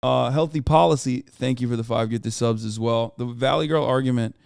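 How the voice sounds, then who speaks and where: A man's voice: mid-range voice, fairly quick, vocal fry, darkish tone, clear, resonant tone, dry recording, clean studio sound. A man in his thirties giving casual, profane live-stream commentary on the news and reacting to his chat. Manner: brash, profane, riffing on chat.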